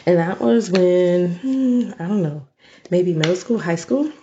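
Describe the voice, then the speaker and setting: A woman's voice: lowish voice, animated, unhurried, noisy background. A young American woman telling a personal story to other mothers in a chatty, encouraging way, with lots of fillers. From United States. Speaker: vlogger addressing mothers. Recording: dull, dry lo-fi recording.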